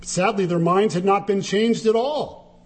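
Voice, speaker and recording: A man preaching a sermon, emphatic and dramatic, with big swings of voice when he quotes. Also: a little slow. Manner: animated, emphatic, dramatic shifts in pitch when quoting.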